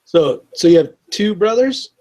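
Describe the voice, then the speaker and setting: A man's voice: sits high, animated, measured pace, mellow. A man hosting a casual interview, laid-back and laughing along with his guest. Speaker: host.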